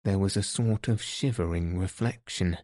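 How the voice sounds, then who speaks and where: A man reading a novel aloud as a narrator, slow and measured. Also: deep voice, darkish tone, no room sound, clean studio sound. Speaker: audiobook narrator. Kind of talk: scripted narration.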